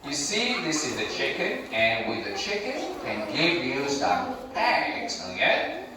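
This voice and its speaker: A man's voice: fairly high pitch, very animated, takes it slowly. A man with a Vietnamese accent teaching English words to small children, speaking in simple phrases and coaxing them to repeat after him. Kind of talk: classroom teaching with call-and-repeat. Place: large echoey classroom or hall. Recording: echoey hall, mic far off, noisy children.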